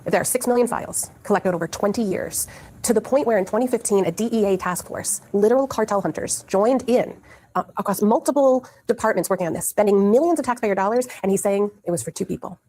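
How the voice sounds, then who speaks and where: A woman's voice: mid-range voice, fast talker, mellow. A woman making insistent, emphatic points on a news panel. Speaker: commentator. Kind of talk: panel commentary.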